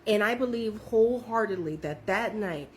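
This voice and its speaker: A woman's voice: medium pitch, moderate pace. A young woman telling her own story in a casual, profane, emphatic way.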